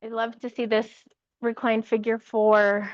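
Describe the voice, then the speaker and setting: A woman teaching a yoga class, giving calm, encouraging cues and laughing lightly now and then. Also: fairly high pitch, a little slow, no echo, highs cut off. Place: yoga studio with music.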